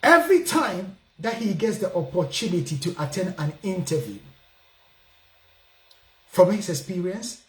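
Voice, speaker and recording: A Ghanaian man with a strong Ghanaian English accent hosts a talk programme in a casual, lecturing way. His voice rises and falls a great deal and he often raises it to stress a point. The sound carries an echoey room. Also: high voice. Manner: animated, emphatic, raising his voice to make points. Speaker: radio programme host. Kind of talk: casual call-in radio talk.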